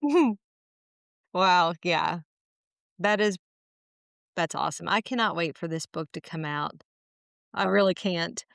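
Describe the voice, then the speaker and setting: A woman's voice: fairly low pitch, expressive, takes it slowly, creaky, pauses often, fairly bright tone, dry recording, clean studio sound. A woman hosting a podcast interview, eager and enthusiastic as she responds and asks questions. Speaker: podcast host. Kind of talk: interview conversation.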